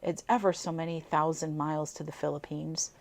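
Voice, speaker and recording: A woman's voice: deep voice, flat delivery, brisk, a little mellow. A woman reading aloud, voicing a moody young man who fumbles for words with the girl he loves. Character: gloomy, tongue-tied young man in love.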